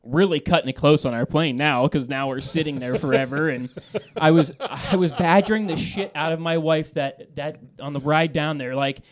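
A man calling in to a talk show, telling a story in a lively, laughing way, swearing and restarting his sentences. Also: a little high, moderate pace, a crowd in the background. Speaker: caller. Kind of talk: casual storytelling.

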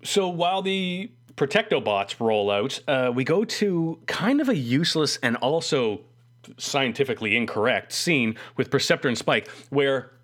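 A man co-hosting a podcast, recapping a cartoon episode in casual chat, often laughing and jumping up in pitch. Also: moderate pace. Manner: animated, laughs often, jumps up in pitch for quoted lines. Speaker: podcast co-host.

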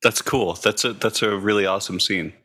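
A man's voice: lowish voice, fairly even intonation, fairly quick, pushed and bright, breathy edge. A man in casual chat, mostly listening and answering with short agreeing words. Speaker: podcast co-host listening.

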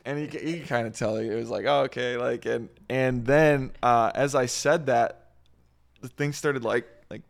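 A man hosting a casual faith talk, rambling and earnest with lots of fillers. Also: mid-range voice.

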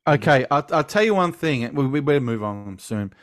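Australian man, podcast guest, animated storyteller, salty language, dry close mic. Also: medium pitch, moderate pace, dry recording. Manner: animated, swears freely, laughs through stories. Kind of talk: casual podcast chat.

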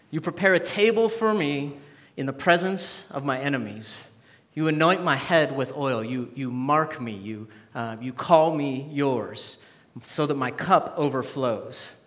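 Earnest higher-voiced male pastor preaching. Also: fairly bright tone, long reverb tail. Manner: earnest, with quips to the congregation. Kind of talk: sermon. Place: church.

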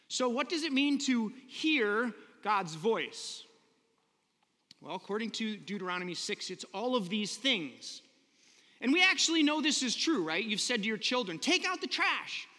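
Bright-voiced man preaching in a hall. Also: high voice. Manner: conversational, earnest, asks rhetorical questions. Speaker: pastor. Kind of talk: sermon.

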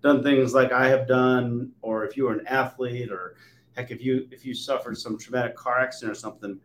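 A man in his forties hosting a podcast, telling stories with animated swings between loud and soft. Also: mid-range voice, brisk, slight background noise. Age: 40s. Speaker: podcast host. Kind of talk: conversational interview. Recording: roomy echo.

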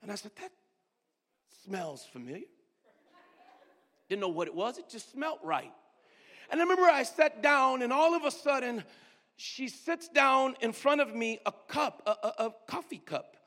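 A pastor preaching a storytelling sermon, swinging between loud outbursts and hushed near-whispers. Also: male voice, very high-pitched, animated, normal speed. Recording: long reverb of a large hall.

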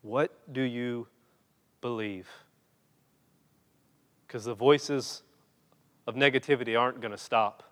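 A man's voice: medium pitch, fairly even intonation, takes it slowly, pauses often, a bit bright. Man preaching a dramatic sermon. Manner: dramatic, rhetorical questions, acts out scripture quotes. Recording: long reverb in a large hall.

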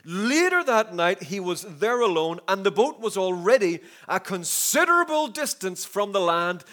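A man preaching a sermon, lively, dropping into hushed asides and acting out the story's voices. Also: high-pitched. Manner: animated, shifts between loud and hushed asides.

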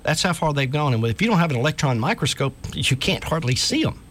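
A man's voice: fairly high pitch, very animated, fast talker, a bit bright, a little hiss or hum. A man hosting a talk radio show, speaking in an earnest, urgent way and reading articles aloud to listeners.

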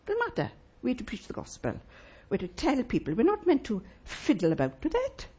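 Woman pastor, husky, lively, emphatic sermon delivery with rhetorical questions. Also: a little high, moderate pace. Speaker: preacher. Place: church.

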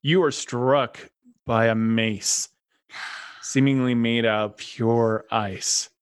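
A man's voice: mid-range voice, fairly even intonation, takes it slowly, clear, resonant tone, dry recording. Man running a tabletop game, dry sound. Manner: matter-of-fact, apologetic when dealing damage. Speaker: game master.

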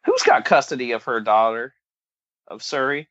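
A man's voice: mid-range voice, huge pitch swings, moderate pace, a bit bright, no echo, lo-fi sound. A man co-hosting a podcast in casual chat, rambling and tripping over his words with folksy slang. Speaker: podcast co-host.

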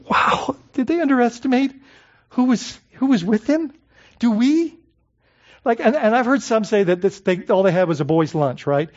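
A man's voice: high-pitched, darkish tone. Man preaching with rhetorical questions. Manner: repeats words while searching for phrasing. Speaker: pastor. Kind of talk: sermon. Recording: dull lo-fi recording.

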